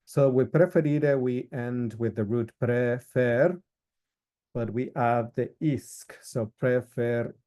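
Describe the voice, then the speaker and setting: A man teaching a recorded lesson, explaining verb forms slowly with frequent fillers and listing each form one by one. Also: medium pitch, dark tone. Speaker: Italian instructor. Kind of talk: recorded lecture.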